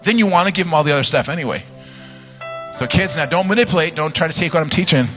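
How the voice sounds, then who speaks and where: A man's voice: on the high side, fast talker, soft background music. A man preaching a charismatic sermon, telling jokey stories and praying fervently. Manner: animated, joking storyteller, loud fervent praying. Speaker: guest preacher.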